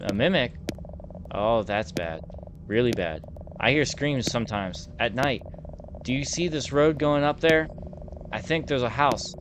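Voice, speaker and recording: Brief: man as a hunched, furtive drifter in a horror game, low and hushed. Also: expressive, a little slow, pauses often, background noise, close to an everyday voice. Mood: uneasy.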